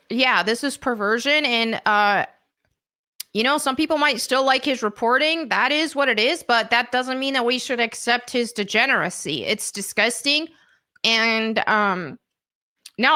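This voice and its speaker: A woman's voice: fairly high pitch, sharp tone. A woman hosting a casual livestream and reading chat, blunt and indignant, with lots of fillers. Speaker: livestream host.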